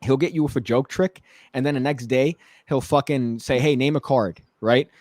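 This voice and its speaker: A man in casual conversation, telling an animated, profane story with laughs and acted-out quotes. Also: mid-range voice, moderate pace, dry recording.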